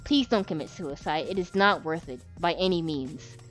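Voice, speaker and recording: A woman's voice: fairly low pitch, normal speed, faint music behind. A woman giving an unscripted, emotional vlog monologue. She rambles, swears a lot and speaks with passion.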